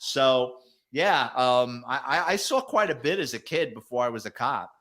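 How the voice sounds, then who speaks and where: A middle-aged man with a New York accent, a retired detective telling profane, animated stories in an interview. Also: mid-range voice, normal speed. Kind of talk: storytelling interview.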